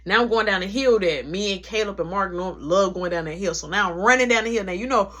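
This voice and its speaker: A woman's voice: medium pitch, fast talker, a bit bright. A young adult woman telling a story in casual slang, full of sound effects.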